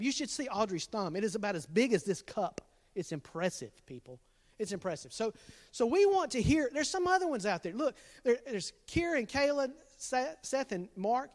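Middle-aged youth pastor, jokey and teasing, high animated voice, long hall reverb. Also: male voice. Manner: jokey, teasing, laughs at his own jokes. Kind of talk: playful dad jokes to an online youth group.

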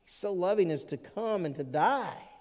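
Pastor, male, slightly high voice; earnest sermon, church reverb. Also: animated, normal speed. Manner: earnest preaching with rising emphatic peaks and quiet asides. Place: church sanctuary. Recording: long reverb of a church hall.

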